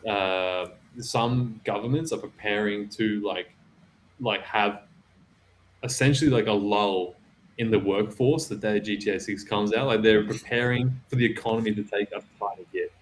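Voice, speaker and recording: A young man co-hosting a casual livestream chat, laid-back and quick to laugh. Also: on the low side, a little hiss or hum, rough recording. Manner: laid-back, laughing, says bro and dude. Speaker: podcast co-host.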